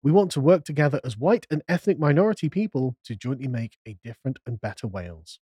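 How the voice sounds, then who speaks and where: A man's voice: mid-range voice, animated, fast talker, warm tone, slightly rough, no echo, studio quality. A man hosting a casual political podcast, reading documents aloud and adding sarcastic commentary. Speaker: podcast host.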